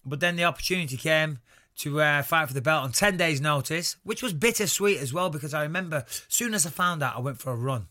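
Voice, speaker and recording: Northern English man, thirties, bright slightly high voice, animated storyteller in an interview. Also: fast talker. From Northwest England. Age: 30s. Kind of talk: casual interview.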